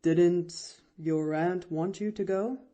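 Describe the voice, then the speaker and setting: A woman's voice: lowish voice, fairly even intonation, slow. A woman reading a grave, kindly country doctor. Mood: gentle. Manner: gentle, grave.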